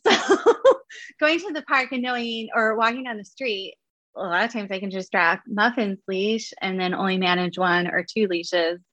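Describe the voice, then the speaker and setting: A woman appears as a guest in a casual interview, chatting about her dogs. Her mid-range voice is bright and forceful at a normal speed, the recording is dry, and she laughs often and uses plenty of fillers.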